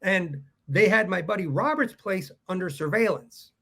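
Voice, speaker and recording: Here a Southern Californian man on a podcast swears freely as he tells an anecdote, chuckling at himself and imitating other people's lines in their voices. The voice is high-pitched and husky, fairly bright, lively in intonation, at a normal pace.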